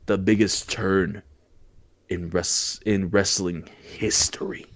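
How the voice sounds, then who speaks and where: A man's voice: deep voice, slow pace, no room sound. A man hosting a casual podcast, animatedly retelling a wrestling show and stumbling over restarts as he goes. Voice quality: animated storyteller, frequent restarts. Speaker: podcast host. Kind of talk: excited wrestling recap, casual chat.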